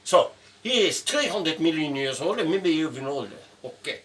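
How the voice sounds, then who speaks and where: A man's voice: a little high, very animated, moderate pace, a bit bright. A man in his seventies teaching a casual stone-carving lesson in his studio, playful and chatty, often adding "no?" to his sentences. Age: 70s. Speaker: sculptor teaching a carving course.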